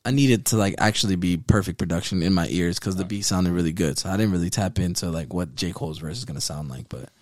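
A man co-hosting a podcast, chatting in an animated, slangy way full of fillers. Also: sits low, fast talker, few pauses, no echo, clean studio sound. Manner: animated, slangy, lots of fillers like "you know what I'm saying". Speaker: podcast co-host. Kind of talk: casual podcast chat.

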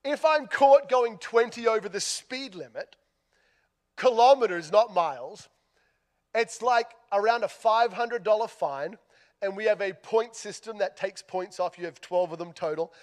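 High-voiced Australian man telling a story. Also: normal speed. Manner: storytelling, self-deprecating humor, animated swings in loudness. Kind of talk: sermon illustration story.

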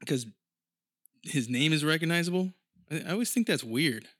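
A man's voice: a little high, animated, moderate pace, fairly bright tone, no echo, studio quality. A man in his thirties hosting a casual podcast monologue, rambling and swearing freely as he tells stories. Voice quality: profane, rambling storyteller. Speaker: podcast host.

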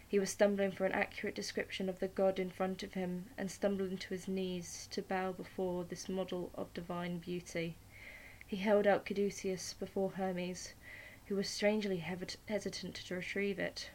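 A woman narrating a short story aloud in a steady, unhurried way. Her voice sits at an ordinary middle pitch for a woman. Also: slight background noise, poor audio.

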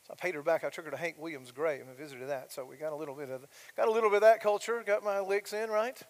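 A middle-aged man, preaching in a high, light voice. He talks in a chatty way, throwing out asides and questions to the congregation. His words ring out with the long reverb of a church sanctuary. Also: fast talker. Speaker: pastor. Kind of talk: sermon.

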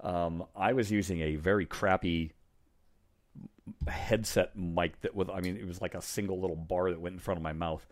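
A man's voice: low voice, fairly even intonation, moderate pace. A man co-hosting a podcast, reminiscing casually with frequent ums and laughs. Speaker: podcast co-host.

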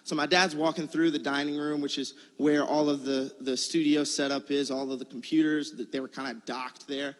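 A man's voice: fairly high pitch, little pitch movement, normal speed, few pauses. Man preaching in a reverberant hall. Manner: storytelling, casual and earnest. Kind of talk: conversational sermon.

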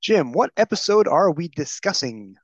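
A man's voice: high voice, dry recording. A man with a New York accent hosting a podcast in casual, jokey chat. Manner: animated, quick, jokey. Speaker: podcast host. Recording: dull, lo-fi podcast audio.

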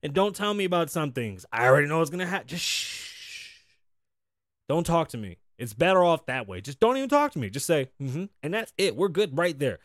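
A man rants through a casual podcast monologue, profane and exasperated. His voice sits a little high and swings widely in pitch. The sound is dry and close, with no room around it. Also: fast, few pauses, no echo. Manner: profane, animated, exasperated storytelling. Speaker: podcast host.

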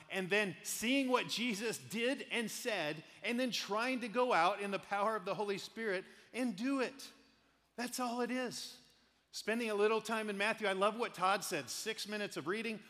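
In this sermon, a high-pitched, middle-aged pastor brings his stories to life, animatedly performing each character's quoted voice. The sound carries a long reverb, as if in a large hall.

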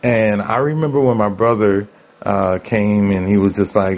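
A male talk show host speaks on his own in a frank, easygoing manner, with a voice that sits a little low. He laughs often and repeats himself for emphasis. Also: steady tone, normal speed, vocal fry. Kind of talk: solo talk show monologue.

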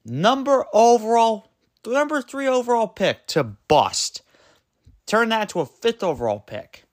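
A man hosting his own sports podcast, ranting in an exasperated, emphatic way, full of rhetorical questions and quick self-corrections. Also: sits high, a bit bright, no room sound, clean studio sound. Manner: loose and rambling, trips over words and self-corrects. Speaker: podcast host. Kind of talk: solo sports podcast rant.

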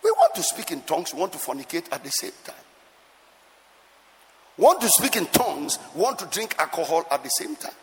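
Emphatic high-voiced male preacher. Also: sing-song, fairly quick, in a large hall. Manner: emphatic, repeats words for stress, swings from soft to loud; sometimes lapses into a sung cadence. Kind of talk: sermon.

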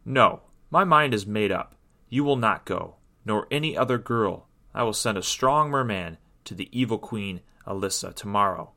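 A man voicing a proud, stern king of the merfolk in a storybook reading, speaking firm and loud. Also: medium pitch, big pitch swings, measured pace, vocal fry, hardly any pauses, full character voice.

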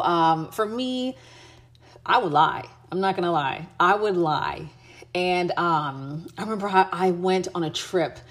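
An American woman giving travel tips in a casual, chatty way, with many fillers and restarts. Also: fairly low pitch. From United States. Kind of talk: casual advice chat.

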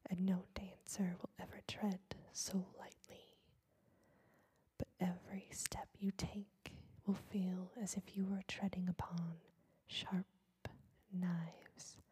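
A woman whispers a storybook sea witch in whispered role-play, cold and mocking as she names her terms. The voice stays low and dark. It is slow and very breathy throughout. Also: heavily acted. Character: cruel scheming female sea witch.

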